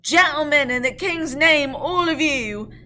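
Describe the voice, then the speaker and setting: A woman's voice: mid-range voice, lively intonation, a little slow, a bit bright, voice pushed up. A woman voicing a wary male coach guard who roars commands and threats into the night. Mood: commanding.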